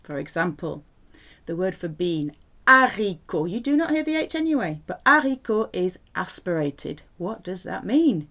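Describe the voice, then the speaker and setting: A woman teaching a French language lesson, clear and playful as she explains vocabulary. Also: fairly low pitch, normal speed. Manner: lively, clear teaching delivery with playful asides.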